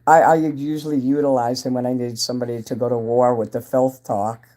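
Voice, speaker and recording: A man hosts his own livestream, chatting loosely and greeting viewers as they come in. His voice is mellow and a little dark. He rambles from topic to topic in an offhand, casual way. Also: medium pitch, little pitch movement, fairly quick. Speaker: entertainer hosting a livestream.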